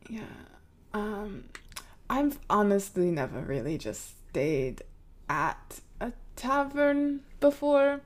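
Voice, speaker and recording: A woman's voice: mid-range voice, sing-song, slow pace. A woman playing a tabletop game, talking casually with many hesitant fillers. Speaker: player. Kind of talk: tabletop game role-play chat.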